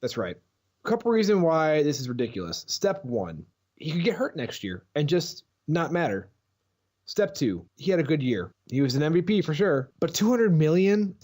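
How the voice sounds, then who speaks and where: A man co-hosting a casual sports podcast, joking and swearing in animated banter. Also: a little high, normal speed. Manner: animated, swears, jokey bits. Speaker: podcast co-host.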